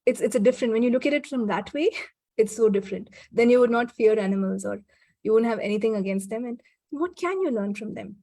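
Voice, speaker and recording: Woman guest, casual chat, reflective with light laughs, higher mellow voice, dry sound. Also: expressive, quick pace, no room sound. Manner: reflective, frequent restarts and soft laughs. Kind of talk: casual conversation.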